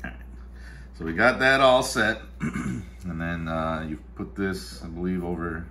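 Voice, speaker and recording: Speaking a little slowly, the vlog host's low voice sounds pushed and bright as he makes coffee in his kitchen-dining room. His casual chat wanders, with cursing and muttering while he works.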